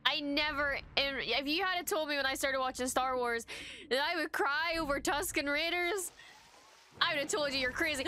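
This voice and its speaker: A woman's voice: high-pitched, moderate pace, sharp tone, slight background noise. A woman hosting a reaction video, talking through a show in casual, emotional commentary with frequent exclamations and swearing.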